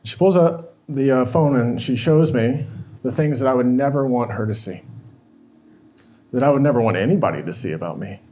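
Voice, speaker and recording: A man's voice: medium pitch, normal speed, darkish tone. A man on stage telling a painful personal story, emotional and confessional, acting out the dialogue he quotes. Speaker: speaker. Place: stage at a live talk event.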